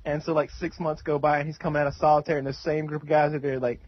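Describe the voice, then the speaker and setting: A man's voice: fairly high pitch, little pitch movement, racing, husky. A young man in casual chat, eagerly telling a story and acting out the quotes. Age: young adult. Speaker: podcast co-host. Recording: dull lo-fi audio.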